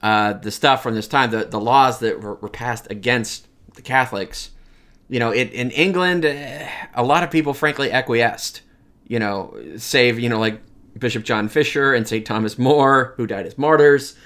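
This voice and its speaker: A man's voice: mid-range voice, normal speed, a bit bright. A man giving an informal, conversational history lecture, with frequent restarts and playful asides. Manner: conversational, acts out quoted voices, many restarts. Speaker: history teacher.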